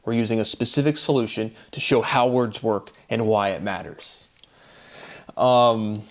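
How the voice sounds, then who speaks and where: Man musing through rhetorical questions. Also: mid-range voice. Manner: rambling, asks himself rhetorical questions, wordplay. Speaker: solo lecturer. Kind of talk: solo spoken monologue on word theory.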